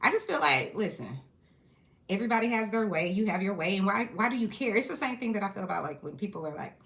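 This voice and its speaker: A woman's voice: mid-range voice, fast. Sassy woman commenting on reality TV. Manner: candid, sassy, animated asides with laughs. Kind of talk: casual reaction commentary.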